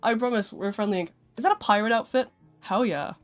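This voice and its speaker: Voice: mid-range voice, brisk. Chatty gaming streamer over faint music. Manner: chatty and rambling, with frequent "like" and "um" fillers. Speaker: live streamer. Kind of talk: casual live-stream chat answering viewers.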